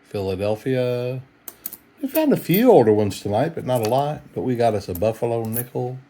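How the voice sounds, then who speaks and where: With big pitch swings in a warm, mid-range voice at normal speed, a middle-aged coin roll hunter narrates casually while searching rolls at home late at night. Tired and yawning, he keeps it easygoing and folksy.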